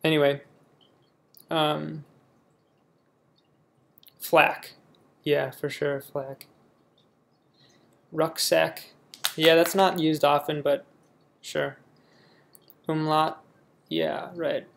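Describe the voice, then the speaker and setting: A man's voice: a little high, flat delivery, very slow, creaky, long pauses, fairly bright tone. A young man from the United States casually reading a word list aloud and reacting offhandedly in a vlog. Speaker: vlogger.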